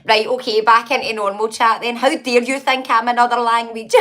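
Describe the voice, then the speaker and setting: A Scottish woman hosts a casual livestream, reading comments, gossiping, greeting viewers by name, and laughing often. Her voice is fairly high and a bit bright, with little pitch movement and a moderate pace.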